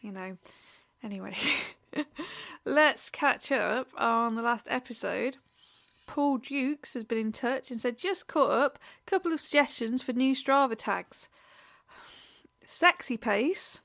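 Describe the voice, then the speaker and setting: A woman's voice: fairly high pitch, expressive, slow, gravelly, a bit bright, no room sound, studio quality. A woman co-hosting a podcast, chatting casually and bluntly, swearing and laughing as she goes. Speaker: podcast co-host. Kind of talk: casual chat.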